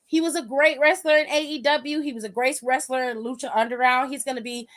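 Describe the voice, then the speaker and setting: A woman's voice: sits high, fairly even intonation, fairly quick. A woman hosting a wrestling aftershow, giving casual, emphatic, profane live-stream commentary and reading viewer comments aloud.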